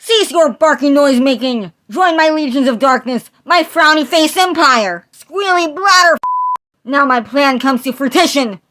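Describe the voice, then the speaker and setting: A woman's voice: sits high, lively intonation, measured pace, voice pushed up, exaggerated voice. A woman doing ranting manic Happy Noodle Boy. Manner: shouty, ranting, absurd proclamations. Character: manic grandiose male comic-strip hero, young man. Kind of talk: amateur fan dub.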